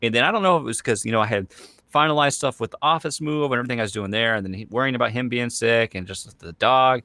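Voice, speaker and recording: A man's voice: medium pitch, quick pace, sharp tone, no room sound. A man in his thirties hosting a podcast in casual chat, rambling and full of fillers like "like" and "you know". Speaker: podcast host.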